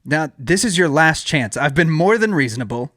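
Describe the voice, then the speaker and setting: A man's voice: on the high side, lively intonation, moderate pace, fairly bright tone, dry recording, clean studio sound, pitched above the performer's own voice. A man in his thirties playing an earnest, commanding legendary king, proclaiming in a raised, formal voice. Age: 30s.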